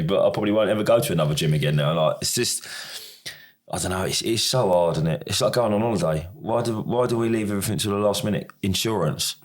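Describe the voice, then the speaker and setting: A middle-aged man from the UK co-hosting a podcast, talking in a loose, rambling way. His voice sits very low, and he keeps restarting his sentences and poking fun at himself. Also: brisk. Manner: rambling, self-deprecating, restarts a lot. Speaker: podcast co-host. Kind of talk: casual chat.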